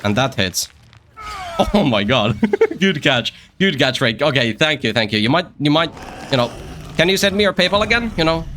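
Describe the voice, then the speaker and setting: A man's voice: a little high, sing-song, moderate pace, sharp tone, slight background noise. A man streaming a game, rambling and joking to himself and the other players as he plays. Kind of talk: casual live-stream gameplay commentary.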